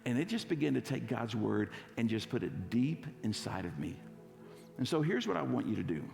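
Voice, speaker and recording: A man's voice: medium pitch, very animated, normal speed, darkish tone, faint music behind. A man preaching a sermon as pastor, playfully coaxing his congregation to recite a verse with him. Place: church sanctuary. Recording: gravelly voice with long church hall reverb.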